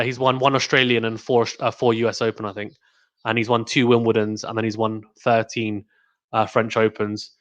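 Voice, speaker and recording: A man hosting a live tennis watchalong stream, giving excitable play-by-play commentary and reading out viewer chat. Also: fairly low pitch, highs cut off. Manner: excitable, rising to exclamations on big points; reads out chat messages to viewers.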